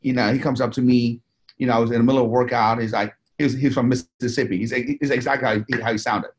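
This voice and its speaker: A man's voice: mid-range voice, fairly even intonation, quick pace. A man, a guest in an interview, telling stories in a rambling, profane way, full of fillers and restarts. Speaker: interview guest, business owner and bodybuilder. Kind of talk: casual storytelling interview.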